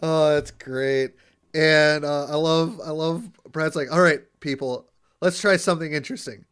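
A man with a fairly high voice co-hosts a podcast, chatting loosely as he retells an episode. He laughs often and lets sentences trail off. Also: measured pace, a bit bright, smooth. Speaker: podcast co-host. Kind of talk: casual chat recapping an episode.

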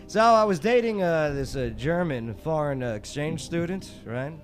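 A man's voice: on the high side, lively intonation, moderate pace, faint music behind. A man hosting a radio show, playfully setting up pun riddles for his co-hosts. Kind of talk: joking trivia banter.

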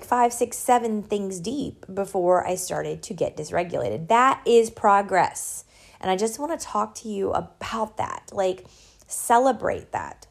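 A middle-aged woman, telling a personal story in a casual, animated way and laughing as she goes. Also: mid-range voice, gravelly. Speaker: nonprofit founder sharing a personal story. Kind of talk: casual personal talk to an audience.

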